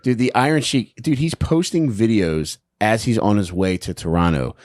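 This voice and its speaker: A man's voice: fairly low pitch, moderate pace, darkish tone, no room sound, clean studio sound. A man casually telling a story on a podcast, laid-back, swearing and saying "dude" a lot.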